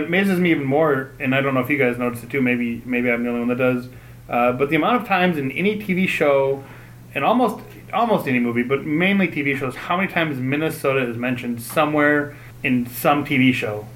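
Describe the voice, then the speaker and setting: A man's voice: mid-range voice, brisk, a bit bright, slight background noise, low-quality recording. A man from Cincinnati chatting casually, rambling and laughing easily. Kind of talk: casual chat.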